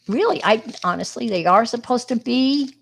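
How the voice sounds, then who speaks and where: A woman's voice: a little high, expressive, normal speed, vocal fry, slight background noise. A middle-aged woman with a New York accent, chatting casually with viewers on a crafting livestream and greeting them by name.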